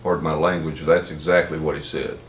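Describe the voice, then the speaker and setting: Deep-voiced Southern man telling a story. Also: little pitch movement, fairly quick, slight background noise. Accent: Southern American. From Tennessee. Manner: folksy, rambling, blunt. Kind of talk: casual spoken anecdote. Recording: roomy, distant mic, faint ambience.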